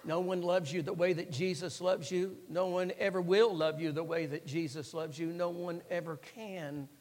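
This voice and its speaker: A man's voice: a little high, steady tone, normal speed, darkish tone. A man preaching a sermon in an earnest, repetitive way, leaning hard on the key words. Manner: earnest, repetitive, rising to emphatic stresses. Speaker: pastor. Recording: long hall reverb.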